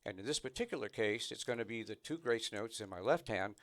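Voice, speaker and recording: A man with a lowish, expressive voice gives a brisk snare drum lesson. Between demonstrations he explains patiently and counts the rhythms aloud.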